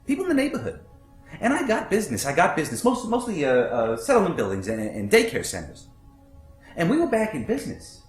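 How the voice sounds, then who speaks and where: On a theater stage, an actor delivers a one-man monologue as a brash, foul-mouthed middle-aged butcher, telling his story theatrically and bitterly. His voice is on the high side with huge pitch swings and a slightly fast pace. The room is echoey, with faint music behind.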